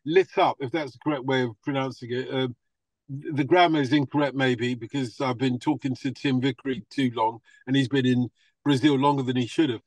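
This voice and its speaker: Jokey podcast host, dry close sound. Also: male voice, mid-range voice, fairly even intonation, fairly quick, dry recording, low-quality recording. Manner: jokey, laughs often. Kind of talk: casual podcast hosting.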